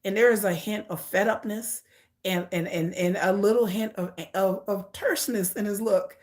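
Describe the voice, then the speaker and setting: A woman's voice: mid-range voice, steady tone, moderate pace, a little mellow. A woman hosting a casual live stream, talking in an emphatic, repetitive way and calling her viewers y'all. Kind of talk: casual livestream commentary.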